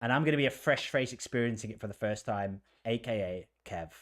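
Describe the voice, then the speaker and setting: A man's voice: medium pitch, brisk, fairly bright tone. A man hosting a podcast, joking around and rambling in casual chat. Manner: playful, jokey, rambling. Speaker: podcast host.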